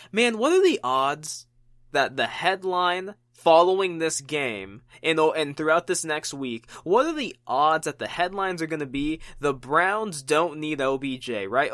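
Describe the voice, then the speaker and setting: A man's voice: on the high side, no echo. Opinionated male sports podcast host. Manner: opinionated, animated, frequent restarts. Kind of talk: solo sports commentary podcast.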